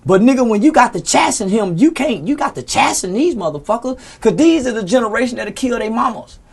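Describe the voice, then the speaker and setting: A man's voice: very high-pitched, animated, a little fast, gravelly, husky. A man speaking as an interview guest, giving a heated, profane and preachy rant that leans on scripture.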